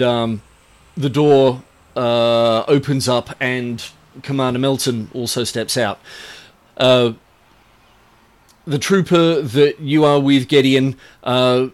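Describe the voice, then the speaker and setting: Man, game master, mid-pitched, rambling, halting narration. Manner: rambling, full of "uh" and restarts.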